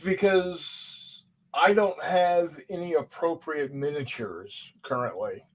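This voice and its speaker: Slow, hesitant man reading chat aloud. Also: fairly high pitch. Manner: slow, hesitant, lots of fillers. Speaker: podcast host reading chat. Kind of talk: casual chat.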